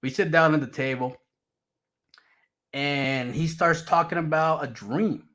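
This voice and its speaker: A man's voice: fairly high pitch, a little slow. A man casually telling a personal story, swearing freely and laughing often. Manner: profane, animated, laughs often.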